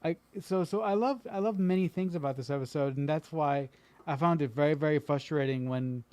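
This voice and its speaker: A man with a fairly high voice speaks earnestly in a casual chat. He works through his thoughts with plenty of fillers and um's, and the sound is dry and close. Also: fairly quick, darkish tone, no echo. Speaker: podcast guest.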